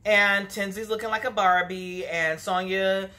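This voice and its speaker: A vlogger with a bright, forceful mid-range voice gives a casual, gossipy recap of an episode, chatty and opinionated and full of "you know" and "like." Her tone stays steady and her pace measured, but her take is sassy.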